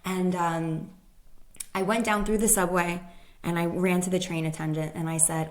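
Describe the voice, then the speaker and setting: A woman's voice: fairly low pitch, fairly even intonation, normal speed. A woman guest, a human design expert, telling a personal story in casual conversation and acting out the people she quotes.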